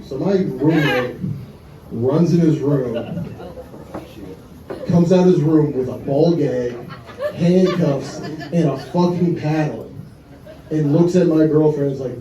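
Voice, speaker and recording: A man's voice: on the high side, unhurried, highs cut off. A young male comedian from Wisconsin working through a profane stand-up set. He is heard from a little way off in an echoey club room, with the crowd laughing around him. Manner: crude, profane storytelling with audience laughter. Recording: roomy club sound from a distance, crowd laughter.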